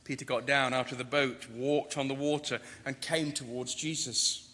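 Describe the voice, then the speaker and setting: A man's voice: medium pitch, fairly even intonation, moderate pace, sharp tone. A man preaching a sermon, dramatic and rising to emphatic declarations. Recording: long reverb of a large hall.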